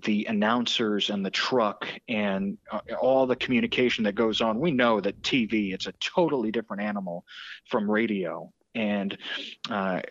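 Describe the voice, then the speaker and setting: A male sports broadcaster telling anecdotes in a podcast interview, lively and full of restarts. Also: lowish voice, moderate pace, no echo, lo-fi sound. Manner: animated anecdotes with frequent restarts and quoted voices.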